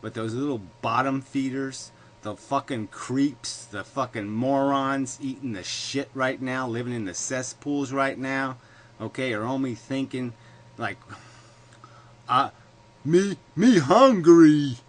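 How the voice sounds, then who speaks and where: A man ranting alone to camera in a combative, profane way, hammering his points with sarcastic rhetorical questions. His voice sits at an ordinary middle pitch. A faint hum of room noise lingers behind him. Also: fairly even intonation, measured pace, a bit bright. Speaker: video blogger. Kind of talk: solo ranting monologue.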